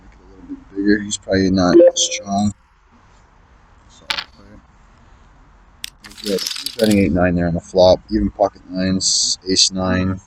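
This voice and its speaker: A low-pitched man speaks in a flat, unhurried way with long pauses, over poor audio carrying a little hiss or hum. He's streaming online poker, casually mulling his hands aloud, muttering reads and swearing with exasperation at rivals' plays.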